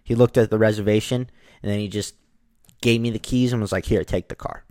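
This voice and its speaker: Low-voiced man telling a story. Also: a little fast, dry recording. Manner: animated, acts out the people in his story. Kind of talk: casual storytelling.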